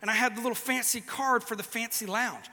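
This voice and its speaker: High-voiced bright man preaching. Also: fairly quick, big-room sound. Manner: casual, joking storyteller with restarts. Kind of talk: sermon. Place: large event venue with a band.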